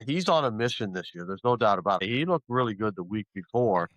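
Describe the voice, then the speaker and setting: A man gives plain, firm opinions about football. His voice is on the lower side and sounds dry and close to the mic. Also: lively intonation, brisk, a bit bright, no room sound, dull audio. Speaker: podcast panelist. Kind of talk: casual sports chat.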